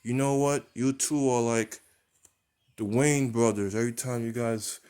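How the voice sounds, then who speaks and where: A man quoting a cocky male wrestler who taunts his rivals in a brash way, in a clear, smooth voice. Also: mid-range voice, fairly even intonation, measured pace, dark tone, close to an everyday voice. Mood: taunting.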